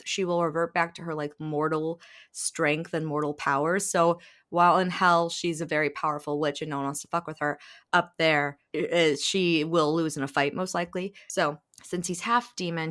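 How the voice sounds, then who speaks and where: A woman with a lowish voice retells a romance plot on a podcast, peppering everything with "like" and cheerful swearing. Her delivery is loose and conversational, and she breaks into laughter easily. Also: fairly bright tone. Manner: chatty, profane, filler-heavy with frequent "like". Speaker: podcast co-host. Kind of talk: casual chat.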